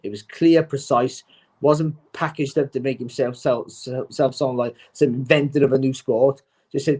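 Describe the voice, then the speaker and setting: A man talking as a boxing pundit in a casual chat, animated and often repeating words as he starts a point. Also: medium pitch, normal speed, husky.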